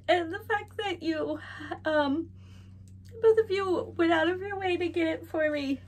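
At home, a young woman unboxes a package on camera for a casual vlog, gushing and emotional, tearful while laughing. Her voice is extremely high in pitch yet darkish in tone, and she takes her time.

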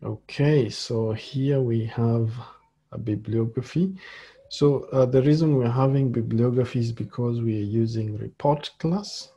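A man teaching a screen-share coding tutorial as a lecturer, talking slowly and haltingly with many fillers. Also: mid-range voice, warm tone, slightly rough.

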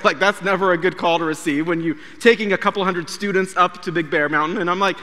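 A man in his thirties, a pastor, preaching a sermon and telling a story, acting out quoted dialogue with animated delivery. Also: high voice, quick pace, big-room sound. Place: church sanctuary.

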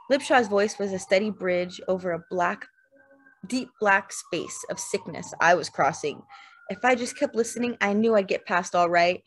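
A woman narrating a literary novel in the first person, measured and lyrical. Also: mid-range voice, slight background noise. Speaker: audiobook narrator. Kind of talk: literary fiction reading.

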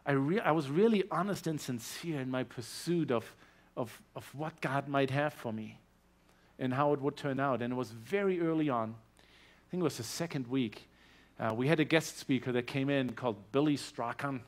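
A man with a German accent giving a personal testimony in a church service, earnest and growing animated as his story builds. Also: medium pitch, moderate pace. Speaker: guest speaker sharing his testimony.

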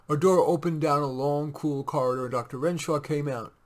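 A man's voice: on the high side, steady tone, brisk, few pauses. Man reading a short story aloud. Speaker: reader.

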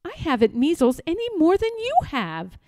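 A woman voicing a brave young page boy who protests in a high, fast voice. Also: wildly swooping pitch, warm tone, no echo, clean studio sound. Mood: indignant.

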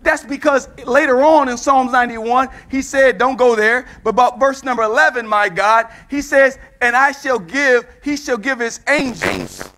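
A man with a Midwestern US accent preaching a sermon with fervor, urging the reader on and rising to shouts. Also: very high voice, animated, moderate pace, few pauses, a little hiss or hum.

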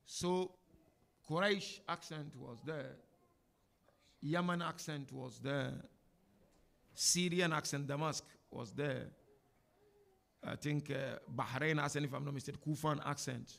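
A man with a fairly high, bright voice and a gravelly edge leads an informal religious lesson in a mosque. He talks in an animated, chatty way, full of asides and laughter, as he answers the audience. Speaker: sheikh giving a talk and answering questions. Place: mosque hall before an audience.

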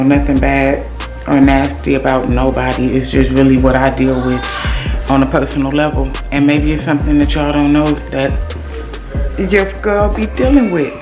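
A woman from Louisiana with a Southern accent, talking casually and emotionally to her viewers while filming outdoors on a handheld phone. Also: low-pitched. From Louisiana, USA. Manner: chatty, emotional, keeps calling viewers "y'all". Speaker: vlogger. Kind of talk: casual vlog chat to viewers. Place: outdoors at a rural family property. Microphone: handheld phone camera.

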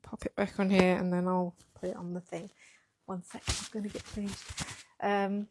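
Speaking flatly at a moderate pace, a woman with a mid-range, darkish voice runs a casual livestream while packing orders for her yarn shop, chatting and reading viewer comments. She wears a pinned lapel mic, and there's a little hiss or hum.

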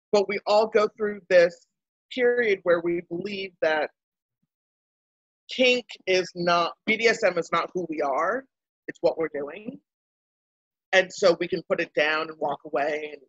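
A woman's voice: fairly low pitch, no echo, lo-fi sound. A woman from Baltimore, a guest in a casual interview, telling a story animatedly and acting out what people said. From Baltimore, United States. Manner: animated storyteller who acts out quotes.

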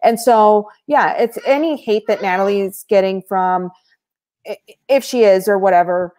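Animated woman telling a story. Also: medium pitch, a little slow. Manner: animated, laughs often mid-story, many fillers. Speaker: podcast guest, former reality show contestant. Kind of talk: casual storytelling chat.

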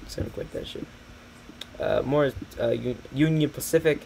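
A man's voice: mid-range voice, moderate pace, gravelly, dark tone, slight background noise. A young man rambling through a train catalog on a stream, sarcastic and swearing a lot, laughing often. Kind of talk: casual commentary over a catalog.

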